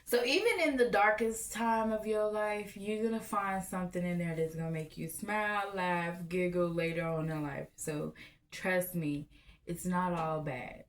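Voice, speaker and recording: A woman, telling a personal story in a blunt, profane, animated way. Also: lowish voice, slight background noise. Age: 30s. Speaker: vlogger. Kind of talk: candid storytelling to camera.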